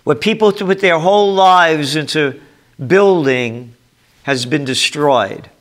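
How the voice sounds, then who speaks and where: An older man with a thick New York accent delivers a ranting commentary, sarcastic and emphatic. His voice sits a bit high and sounds bright and forceful, hammering each point home. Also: slow pace. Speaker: trend forecaster.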